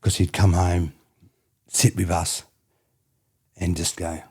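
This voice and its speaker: Low-pitched and a little mellow with a breathy edge, this middle-aged Australian man speaks slowly in a level tone. A former rugby player from country New South Wales, he appears as a podcast guest, telling casual, rambling, reflective stories and often adding "you know what I mean".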